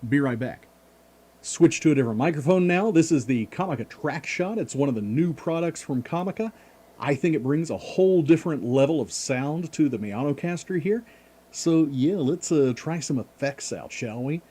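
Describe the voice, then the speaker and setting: A man's voice: on the high side, lively intonation, moderate pace, dark tone, husky. A man casually reviewing a microphone, enthusiastic and jokey. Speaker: product reviewer.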